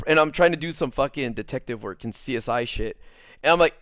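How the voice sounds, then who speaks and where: A man's voice: fairly high pitch, racing, dry recording, clean studio sound. A man telling a story in a casual, profane way, acting out his own lines and the other person's lines as he goes and laughing easily. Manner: swears a lot, tells the story with lively re-enacted quotes. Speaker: streamer.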